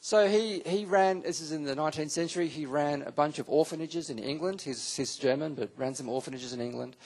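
A man teaching a Bible school class to a live audience, animated and acting out quotes with sudden leaps in pitch. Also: brisk. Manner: animated, acts out quotes with big pitch jumps. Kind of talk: teaching sermon.

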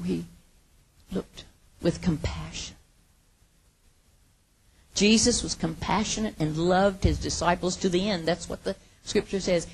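A woman preaching a sermon, earnest, moving from hushed, quiet lines to emphatic ones. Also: mid-range voice, breathy edge.

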